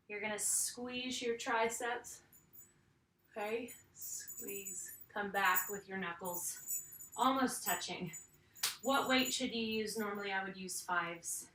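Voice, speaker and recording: A woman's voice: medium pitch, fairly bright tone, reverberant, recorded from a distance, a little hiss or hum. A woman fitness instructor leading a home arm workout, counting reps and cueing each move while she exercises along.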